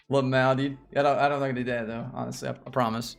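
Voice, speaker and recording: A man's voice: mid-range voice, little pitch movement, fast talker, gravelly, few pauses, faint music behind. A man with a Southern US accent hosting a casual livestream, rambling and chatting with viewers. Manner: rambling, repeats himself, chats with viewers. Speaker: livestream host. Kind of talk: casual livestream chat about stocks.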